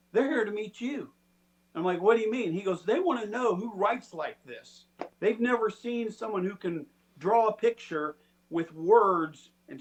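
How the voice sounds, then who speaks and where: A middle-aged man telling stories in a casual, animated way and acting out the people he quotes. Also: high-pitched. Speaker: storytelling guest. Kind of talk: casual storytelling.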